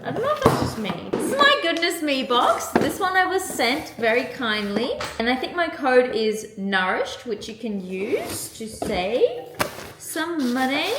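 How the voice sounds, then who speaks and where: Young female vlogger, slightly high voice, gushy casual chat, roomy echo with noise behind. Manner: chatty, gushing, lots of "like" and gasps. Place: in a car. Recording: echoey room with clear background noise.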